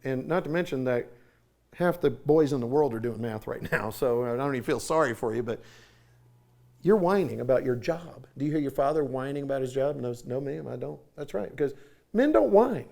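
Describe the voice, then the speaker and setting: A man's voice: medium pitch, expressive, a little fast, gravelly, a little mellow. A middle-aged man preaching at a church conference, telling folksy stories and acting out voices. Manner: folksy, acts out voices in anecdotes. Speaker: conference speaker. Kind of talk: sermon with storytelling. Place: church sanctuary.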